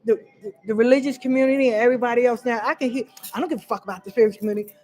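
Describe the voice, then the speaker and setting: A woman's voice: a little high, rapid-fire, a little mellow, faint music behind. A woman talking straight to her audience in an unscripted monologue, blunt and profane, with emphatic repetition. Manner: fiery and direct, addressing listeners as y'all. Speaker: vlogger sharing personal experience.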